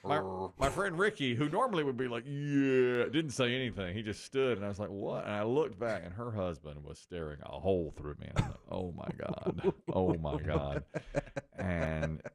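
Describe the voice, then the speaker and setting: A man's voice: on the low side, fairly quick. A middle-aged man hosting a morning radio show, telling a story casually and swinging his voice for the people he quotes.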